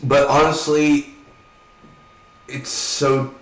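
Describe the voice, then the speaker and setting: A man giving a rambling, casual spoken film review, swearing now and then and acting out scenes in quick voices. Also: on the high side, level tone, reverberant, far from the mic, poor audio.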